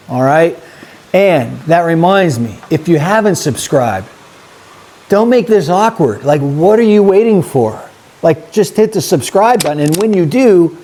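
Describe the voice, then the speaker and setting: A man's voice: on the high side, darkish tone. A man hosting a casual vlog, rambling and chatty as he talks straight to his viewers. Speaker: YouTube host.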